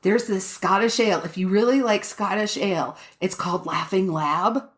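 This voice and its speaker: A woman's voice: medium pitch, moderate pace. A woman co-hosting a podcast, telling a story in casual chat, swearing freely and laughing often. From Colorado, USA. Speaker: podcast co-host.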